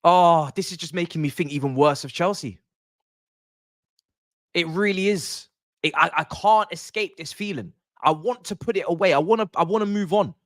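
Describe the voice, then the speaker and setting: Young guy, high lively voice, dry close sound, exasperated football ranting. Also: normal speed, dry recording. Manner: animated, exasperated, slangy ranting. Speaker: streamer hosting a football watch-along. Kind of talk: live watch-along reaction.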